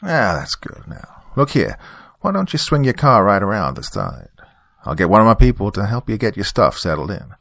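A man's voice: on the low side, wildly swooping pitch, normal speed, creaky, fairly bright tone, dry recording, faint music behind, full character voice. A man voicing an elderly country reverend with a strong rural Southern accent, folksy and overly welcoming. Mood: folksy welcome. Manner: chuckling, folksy, hospitable.

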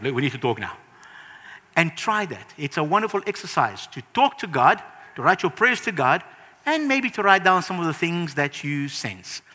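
A man preaching a sermon with a high, bright, penetrating voice. He talks earnestly and emphatically, and his voice often rises sharply. The sound rings on in a large reverberant hall.

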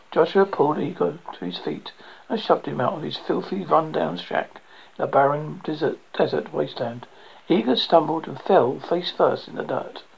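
Gravelly audiobook reader. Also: mid-range voice, normal speed, slight background noise, low-quality recording. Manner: plain reading with restarts. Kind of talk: audiobook narration.

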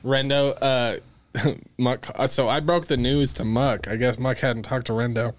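A man's voice: mid-range voice, fairly even intonation, unhurried, no echo. A man hosting a podcast, chatting casually and joking with his co-hosts, swearing freely. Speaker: podcast host. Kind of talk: casual chat.

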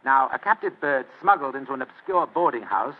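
An actor playing a wry male government official who speaks dryly and dictates with pauses. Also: medium pitch, animated, lightly acted. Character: Holmes's elder brother, wry male official. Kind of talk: 1950s radio drama acting. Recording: thin phone-like old radio recording.

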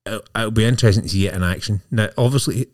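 Speaking fast in a lowish voice, a man co-hosts a relaxed motorbike podcast, mixing technical news with jokes. The podcast mic captures him at studio quality, free of echo.

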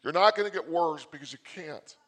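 Excitable rambling male comic. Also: fairly high pitch. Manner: excitable, loud bursts, quick asides. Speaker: comedy host.

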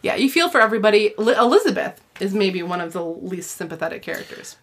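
A woman's voice: medium pitch, big pitch swings, fast, a bit bright, breathy edge. A woman co-hosting a podcast, chatting casually about a book with frequent laughs and fillers. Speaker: podcast co-host.

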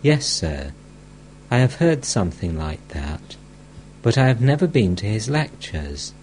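A man's voice: lowish voice, big pitch swings, measured pace, a little mellow, slight background noise. A man reading the part of a timid married disciple who answers hesitantly and politely. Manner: hesitant, deferential.

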